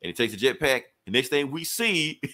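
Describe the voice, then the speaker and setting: Lively man retelling a comic plot. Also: medium pitch. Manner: animated storytelling, casual profanity, quick quoted dialogue. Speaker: podcast co-host reviewing comics.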